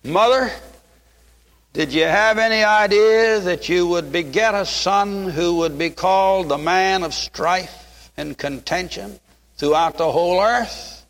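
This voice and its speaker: A man's voice: high voice, takes it slowly, a bit bright. A man preaching a fervent sermon in a church, quoting scripture in old-style English. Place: church sanctuary. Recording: long hall reverb.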